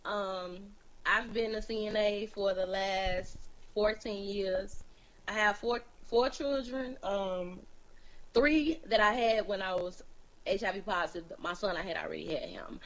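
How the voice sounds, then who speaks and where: A woman's voice: medium pitch, unhurried, rough recording. A woman from Chicago in her thirties, a guest speaking candidly about her life in an interview. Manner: candid, plain-spoken, laughs easily. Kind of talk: interview, sharing her story.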